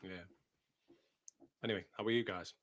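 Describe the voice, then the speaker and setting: Here the running podcast host, speaking from his home office, has a lowish voice with fairly even intonation at normal speed. He chats casually, laughing and poking fun at himself.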